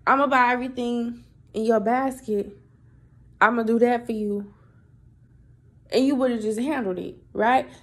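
High, gravelly woman podcaster, profane storyteller. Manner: animated, profane, chatty. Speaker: podcast host. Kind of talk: casual storytelling monologue.

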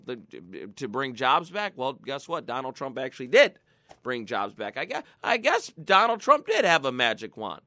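A man's voice: medium pitch, very animated, moderate pace, pushed and bright, no room sound, studio quality. A man hosting a political talk show, ranting sarcastically and mocking his targets. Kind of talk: political commentary.

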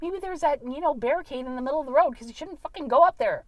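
High, lively sweary young woman. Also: fast talker, no room sound, lo-fi sound. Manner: blunt, sweary, sarcastic. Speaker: podcast co-host. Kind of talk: casual chat.

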